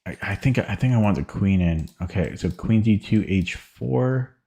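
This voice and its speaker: A man's voice: on the low side, lively intonation, normal speed, gravelly, warm tone. A man streaming a chess game, thinking aloud hesitantly and often stammering or repeating words. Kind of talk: live-stream chess commentary.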